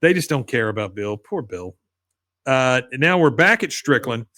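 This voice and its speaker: Podcast host type: a man narrating plot, loose and chatty, full of filler words, mid-pitched. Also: expressive, normal speed, sharp tone, dry recording. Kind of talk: casual plot recap.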